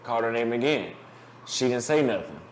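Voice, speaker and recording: A man's voice: medium pitch, animated, brisk, a little hiss or hum. A young man talking casually to camera, giving dating advice and telling a story, loose and profane, with rambling restarts.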